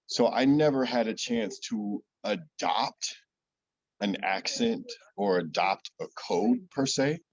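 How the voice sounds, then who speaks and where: A man's voice: lowish voice, takes it slowly, no echo, dull audio. A man speaking casually on a panel, telling stories with easy laughs. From United States.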